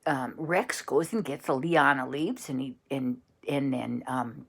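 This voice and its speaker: A woman telling an improvised bedtime story, slow and searching for words as she goes. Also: very deep voice, gravelly, fairly bright tone, husky.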